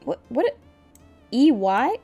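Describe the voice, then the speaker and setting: Bubbly woman streamer, cutesy and rambling, fairly high voice, soft background music. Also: big pitch swings, takes it slowly, vocal fry, slightly rough, muffled recording. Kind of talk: casual stream chat.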